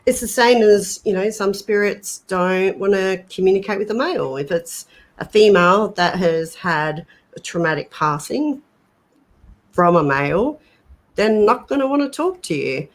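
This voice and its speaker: A woman's voice: medium pitch, expressive, moderate pace. A woman co-hosting a casual paranormal livestream, talking hesitantly with many fillers and restarts. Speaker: paranormal channel co-host.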